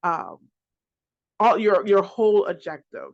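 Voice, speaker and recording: A financial coach giving a class lecture, working through a list of points in a halting way with restarts and repeated words. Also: medium pitch, creaky. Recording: dull lo-fi recording.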